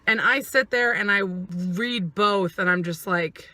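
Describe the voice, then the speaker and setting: A woman vlogging in a casual, emotional monologue, her voice very bright and sharp. She acts out the people she talks about, and the sound is dry and close. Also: medium pitch, measured pace, dry recording. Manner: emotional and expressive, acts out what others said.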